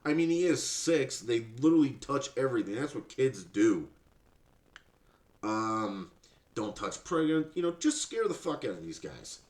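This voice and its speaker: Profane ranting man, lively pitch. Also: normal speed, roomy sound. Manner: sarcastic, profane, mocking. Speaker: podcast host. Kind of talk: ranting commentary.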